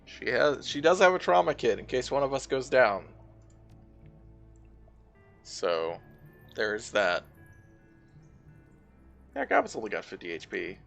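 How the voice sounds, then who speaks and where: A man's voice: mid-range voice, big pitch swings, a little slow, creaky, pauses often, fairly bright tone, soft background music. A man streaming a video game, reading its narration aloud and wryly commenting on it. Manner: wry, reads vivid game narration and reacts casually.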